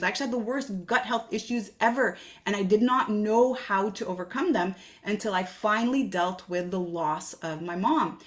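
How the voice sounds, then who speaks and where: A woman hosting her own podcast, talking earnestly and coaching listeners with reflective questions. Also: mid-range voice. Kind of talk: solo podcast talk.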